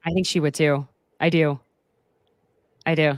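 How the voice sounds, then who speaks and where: A young woman hosting a casual recap chat, talking quickly with sarcastic asides and frequent laughs. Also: low-pitched, steady tone, dry recording, studio quality. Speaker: podcast host.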